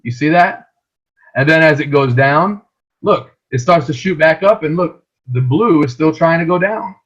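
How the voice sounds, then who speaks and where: Man, husky voice, slightly high pitch, dull lo-fi sound, patient chart lesson. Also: normal speed, fairly bright tone. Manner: explains patiently, repeats words, asks "right?" often. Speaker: trading teacher. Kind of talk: screen-share lesson.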